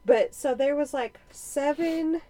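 Lively storytelling mom. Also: female voice, high voice, slow. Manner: lively storyteller, drops quiet for asides. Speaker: podcast co-host. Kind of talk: casual chat.

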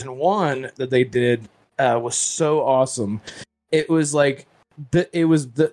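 A man's voice: mid-range voice, a little mellow. A man co-hosting a casual gaming podcast, telling a long story with lots of fillers and restarts. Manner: rambling storyteller with many fillers. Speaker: podcast co-host. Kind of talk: casual chat.

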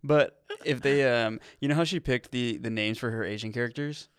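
A man's voice: mid-range voice, moderate pace, clear, resonant tone, dry recording, clean studio sound. A man hosting a podcast in casual comedy chat, rambling and ironic, often laughing. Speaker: podcast host.

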